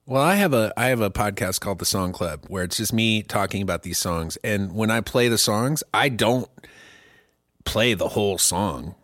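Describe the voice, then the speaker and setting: A man's voice: lowish voice, moderate pace, fairly bright tone, no room sound, clean studio sound. A man co-hosting a podcast in casual comedic chat, rambling and swearing. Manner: rambling, laughing, swears a lot. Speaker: podcast co-host.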